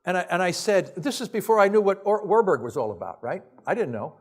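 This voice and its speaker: Male professor lecturing a hall; higher-pitched, blunt and exasperated, punchy rhetorical questions, loose unscripted delivery. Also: sing-song, fast, slightly rough. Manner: casual, off-the-cuff phrasing with restarts. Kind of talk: science lecture to an audience.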